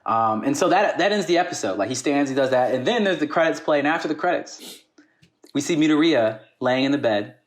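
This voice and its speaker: A man talking fast and eagerly, recapping an anime episode for his co-host. He records from home, and the room adds a noticeable echo around his voice. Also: a little high. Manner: excited, animated retelling with acted quotes. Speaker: podcast co-host. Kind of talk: casual chat recapping an anime.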